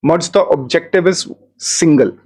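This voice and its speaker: A man argues his own case to a panel of judges during a live-streamed hearing, speaking formally and respectfully and repeatedly turning to the bench. His slightly mellow voice runs on the high side at normal speed, turning insistent as he presses on.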